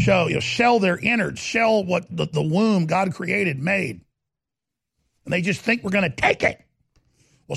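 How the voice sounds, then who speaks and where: A man's voice: a little high, creaky, slightly rough, no echo, clean studio sound. A middle-aged man hosting a talk radio show, ranting fervently and combatively and hammering points through repetition between ad reads.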